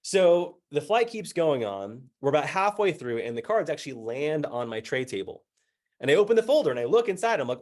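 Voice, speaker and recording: A man telling a personal story as a speaker, animated and acting out the other people's lines with voices, and laughing as he goes. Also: fairly high pitch, brisk. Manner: animated, acts out dialogue with voices.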